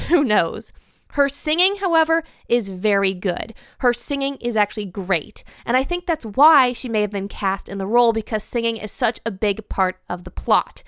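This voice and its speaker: A woman's voice: fairly high pitch, a bit bright, clean tone, no room sound, clean studio sound. A woman hosting a podcast, giving a candid, opinionated film review with light laughs. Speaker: podcast host.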